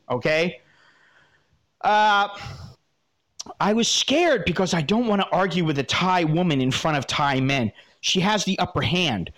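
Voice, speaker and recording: A man hosting an advice talk, reading a listener's letter and answering with blunt, profane, animated rants. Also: high voice. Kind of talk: casual advice commentary.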